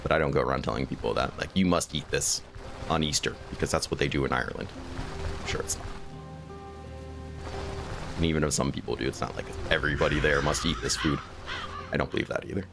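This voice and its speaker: A man with an extremely deep voice and a gravelly rasp talks casually while he plays a game, drifting between musings and notes on his build. Steady game music plays clearly behind him. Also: fast, pauses often. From United States. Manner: rambling, musing aloud between game remarks. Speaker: gaming streamer. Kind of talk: casual gameplay chat with viewers.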